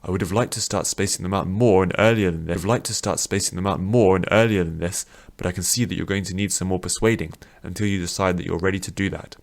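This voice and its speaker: A calm, patient old man who reasons steadily with others, as a man reads him. The voice is very low and even. Storybook audiobook delivery. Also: fast talker, vocal fry, few pauses.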